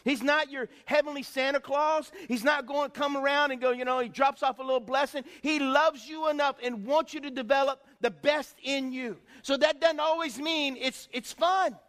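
High-voiced man preaching in a reverberant church. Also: steady tone, moderate pace, hardly any pauses, fairly bright tone. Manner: folksy, preachy, calls out to the congregation. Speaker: pastor. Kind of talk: sermon. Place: church sanctuary.

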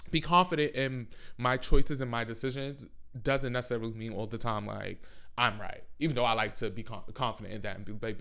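A man ranting in a casual, sassy, profane and animated way, full of slang, in the manner of a podcast host. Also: mid-range voice. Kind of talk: casual rant.

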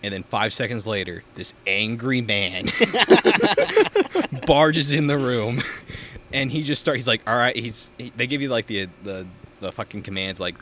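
A man's voice: mid-range voice, sing-song, measured pace, a bit bright, slight background noise. A young man, podcast co-host, telling a long story in casual chat, full of filler words and swearing, recorded outdoors. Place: outdoors in a backyard.

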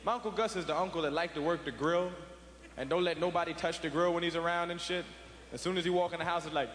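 High-voiced comedian in an echoey hall. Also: male voice, quick pace. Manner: profane, storytelling, animated. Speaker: stand-up comedian. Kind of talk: stand-up routine. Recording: echoey hall with audience noise.

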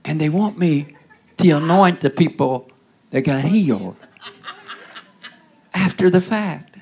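A man preaching a sermon in a loose, conversational style, tossing asides to the congregation and swinging between loud bursts and near-whispers. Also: on the high side, lively intonation, slow pace, a little hiss or hum. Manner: call-and-response asides, rising to loud bursts then dropping to whispers.

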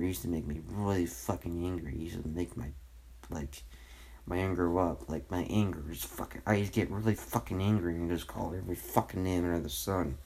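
Deep-voiced young man hosting a podcast from home, talking in a loose, rambling way with heavy swearing and constant filler words. His delivery is casual and unpolished, with no script behind it. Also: darkish tone. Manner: rambling, profane, full of fillers. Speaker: podcast host. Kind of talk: casual solo rant.

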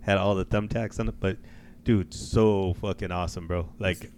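A lower-pitched man talks loosely with his co-host, swearing freely and jumping into squeaky impressions while he tells a story. A faint hiss of noise sits under his voice. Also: steady tone, moderate pace, a little mellow. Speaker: podcast co-host. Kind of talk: casual chat.

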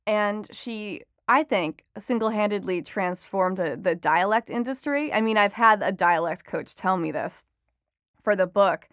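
A woman's voice: mid-range voice, a little slow, fairly bright tone, no room sound, studio quality. A woman who is an entertainment reporter and author, chatting as an interview guest, telling stories with animation and frequent laughter. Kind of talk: conversational interview.

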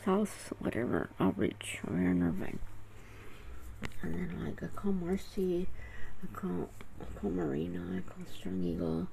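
Gravelly woman, rambling and profane. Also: lowish voice, expressive, measured pace, long pauses, a little mellow, slight background noise, low-quality recording. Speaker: vlogger telling a personal story. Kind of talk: casual storytelling.

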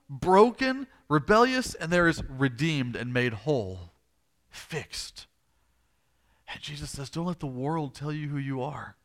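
A man's voice: fairly high pitch, fairly bright tone. A male pastor preaching a sermon, retelling a story dramatically and repeating phrases for emphasis.

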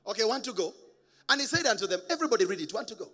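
A man preaching a sermon as a pastor, animated and often laughing at his own stories. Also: high-pitched, racing, big-room sound.

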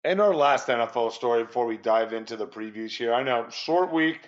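A man's voice: medium pitch, animated, fairly quick, highs cut off. A man co-hosting a sports podcast, chatting loosely and casually with occasional swearing. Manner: loose and profane, rambling. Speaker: podcast co-host.

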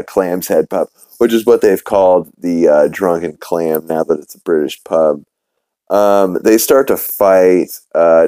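Brief: low, dark-voiced male podcast host, rambling casual recap, dry close mic. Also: clean tone, no room sound. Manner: rambling, filler-heavy, swears casually.

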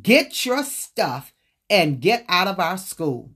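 A woman voicing a tall, stern male teacher who speaks forcefully and protects his student. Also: low voice, a little slow. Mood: angry. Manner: forceful, commanding.

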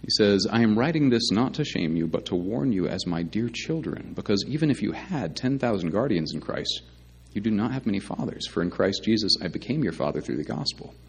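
Pastor, male, deep husky voice, lively swooping delivery, casual sermon with sarcastic asides. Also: brisk. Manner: conversational, playfully sarcastic, many ums.

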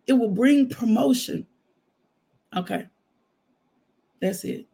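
High, husky preacher man. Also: moderate pace. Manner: animated storytelling testimony, frequent laughter. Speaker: minister. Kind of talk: conversational devotional preaching.

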